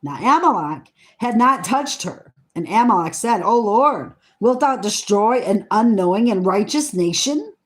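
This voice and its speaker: A woman slowly reading scripture aloud, earnest, stumbling over hard names and adding eager comments of her own. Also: mid-range voice. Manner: excited asides about the text. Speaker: Bible reader.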